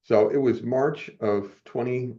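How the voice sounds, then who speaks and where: An older man on a podcast tells a rambling story about himself in a steady, medium-pitched voice at a measured pace. He keeps chuckling and self-correcting, restarting as he goes in this casual interview, and the recording sounds muffled and dull.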